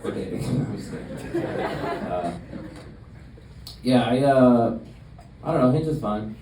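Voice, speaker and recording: A young man doing a stand-up comedy set in a club, with a deadpan, halting delivery full of fillers. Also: mid-range voice, crowd noise. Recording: roomy club sound from a distance, audience noise. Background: audience laughter.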